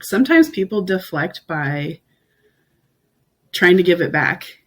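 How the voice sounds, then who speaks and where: A candid speaker on a podcast, thinking out loud and circling back with lots of "like" and "you know". The pitch sits in an ordinary middle range. The talk stays reflective and unhurried in a casual chat. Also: big pitch swings, rough recording. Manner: reflective, candid, filler-heavy with frequent "like".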